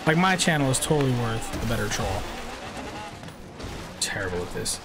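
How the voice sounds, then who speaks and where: A man in his twenties chats over music and loud racing-game engine noise, his medium-pitched voice lively in intonation and moderately paced. He's a brash streamer who swears and swaps jabs with trolls in his chat.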